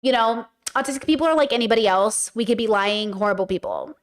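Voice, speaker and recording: A woman's voice: a little high, fast talker, a little hiss or hum. A woman podcast host giving casual, chatty commentary on a clip, acting out quoted lines as she talks.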